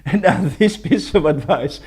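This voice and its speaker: A man with a notably high voice talks in a loose, chatty way from a building site. He keeps laughing at his own jokes as he rambles on like a licensed builder sharing tips. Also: measured pace, darkish tone, slightly rough. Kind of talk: casual chat reacting to clips.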